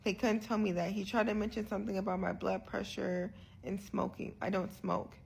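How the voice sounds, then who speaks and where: This health vlogger addresses viewers candidly, earnest and frustrated, with frequent restarts and repeated words. She speaks a little fast in a level, medium-pitched voice that's slightly mellow with vocal fry, and a faint hiss or hum sits in the recording.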